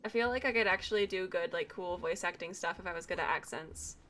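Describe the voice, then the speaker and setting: A woman's voice: fairly low pitch, fast, fairly bright tone, slight background noise. A young woman with an Atlantic Canadian accent and a slight Valley Girl sound, chatting casually and rambling with frequent laughs while streaming a game. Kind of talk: casual chat while gaming.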